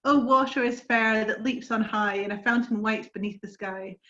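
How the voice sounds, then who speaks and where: A woman reading a song from a book aloud on a video call, gentle and slightly hesitant. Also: on the high side, normal speed. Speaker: reader. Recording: dull, roomy video call audio.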